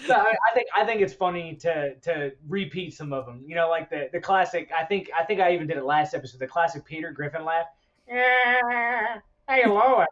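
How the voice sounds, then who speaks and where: A man's voice: a little high, fast, hardly any pauses, fairly bright tone, lo-fi sound. A man co-hosting a podcast in casual chat, rambling and laughing between stories. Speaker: podcast co-host.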